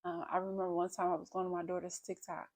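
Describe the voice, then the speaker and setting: A woman's voice: on the low side, monotone, fast talker, a little mellow. A woman in her thirties, talking openly and reflectively about her feelings in a personal vlog. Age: 30s. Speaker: vlogger. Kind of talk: candid personal vlog talk.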